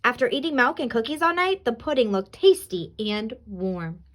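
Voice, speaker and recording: High-voiced woman reading a kids story aloud, super animated. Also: normal speed.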